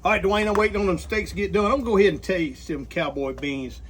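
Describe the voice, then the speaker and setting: A man with a drawl and a fairly high voice talks folksy straight to his viewers as he cooks outdoors. The meat sizzles loudly on the griddle behind him. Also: fast talker, a little hiss or hum, rough recording. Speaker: cooking channel host. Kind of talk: casual outdoor cooking vlog.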